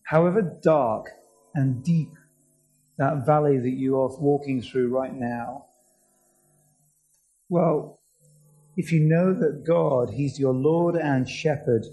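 Guy preaching, earnest, keeps asking questions, mellow slightly high voice, faint music behind. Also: rough recording. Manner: earnest, asks the congregation many questions. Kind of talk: sermon.

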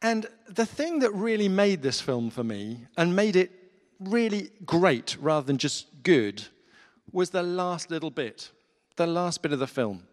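A man's voice: high voice, very animated, measured pace. A man preaching a sermon in an earnest, conversational way, with fillers, in a church hall.

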